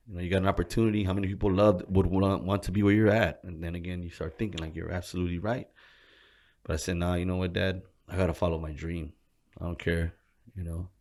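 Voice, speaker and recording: A young man telling his life story in a casual interview, swearing freely and acting out the people he quotes. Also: a little mellow. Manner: swears constantly, acts out quoted people with a raised voice; laughs while telling, drops to a low murmur when reflective.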